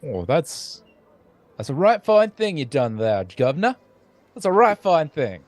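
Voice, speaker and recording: A man's voice: high voice, slow pace, no echo, voice pushed up. A man voicing an eager male florist made ship captain, in a folksy drawl mixed with Cockney words. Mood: folksy grateful.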